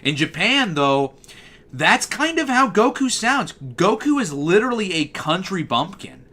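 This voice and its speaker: A man with a bass-baritone voice, casually chatting on a livestream and answering messages from chat. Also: sing-song, measured pace, bright, forceful tone. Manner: talkative, answers chat messages as they come in. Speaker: livestream host.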